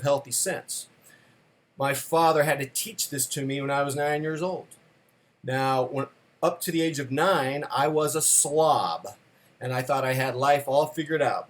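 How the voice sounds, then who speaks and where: Man telling a personal story. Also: mid-range voice. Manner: conversational, with casual fillers and slow emphatic beats. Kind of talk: storytelling talk.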